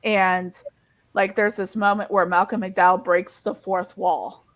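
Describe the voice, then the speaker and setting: A woman co-hosting a casual online comic book hangout, telling stories in an animated way with many restarts. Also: mid-range voice, a little slow. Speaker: co-host. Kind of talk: casual chat.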